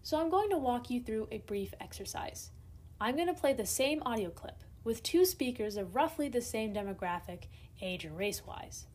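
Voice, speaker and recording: Woman giving a talk, fairly high voice, calm and direct. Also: normal speed. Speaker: speaker. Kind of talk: prepared talk.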